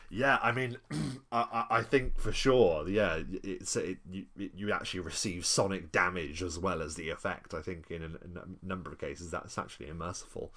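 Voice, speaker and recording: A man's voice: sits low, normal speed, few pauses, a bit bright. A man chatting casually on a live stream, reading an old game module and answering his chat politely. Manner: chatty, rambling, apologetic, polite.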